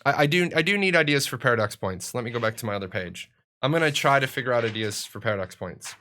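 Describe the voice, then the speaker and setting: A man's voice: medium pitch, lively intonation, quick pace, bright, forceful tone. A young adult man chatting casually and rambling on a live stream, joking about himself as he goes. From United States.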